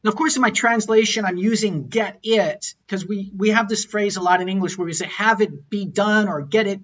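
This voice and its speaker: Bright-voiced man teaching tones, lo-fi. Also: high voice. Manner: explains, then repeats example phrases slowly and clearly. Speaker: language teacher. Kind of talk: online pronunciation lesson.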